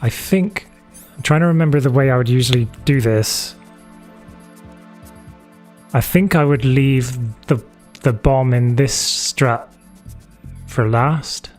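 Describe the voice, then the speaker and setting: A man's voice: medium pitch, takes it slowly, pauses often, darkish tone, faint music behind. A man chatting casually while streaming a game, thinking aloud and trailing off. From England. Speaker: gamer streaming a playthrough. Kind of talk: casual gameplay commentary. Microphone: desk mic that keeps disconnecting.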